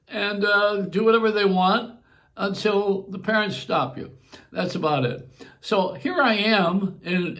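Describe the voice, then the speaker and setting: An older man, a longtime radio host from Buffalo with a New York accent, rambling through a casual monologue and chuckling as he digresses. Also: high voice.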